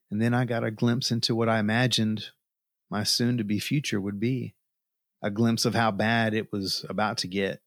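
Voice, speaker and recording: A man's voice: mid-range voice, moderate pace, fairly bright tone, no room sound, clean studio sound. A middle-aged man telling a personal story in an earnest, emotional way, often repeating words as he goes. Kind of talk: personal testimony.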